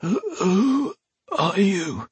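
A man voicing a frail, injured and frightened man with a weak, raspy voice in a storybook. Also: high-pitched, big pitch swings, drawn-out words, no echo, pitched above the performer's own voice, full character voice.

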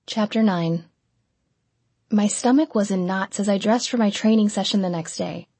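A woman narrating an audiobook in the first person, with an even, measured reading and close miking. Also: medium pitch, breathy edge, no echo.

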